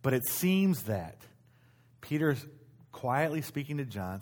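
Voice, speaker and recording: A middle-aged male pastor preaching in a church, reading scripture aloud and explaining it in a relaxed, conversational way, with asides to the congregation. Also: a little high, normal speed. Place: church sanctuary.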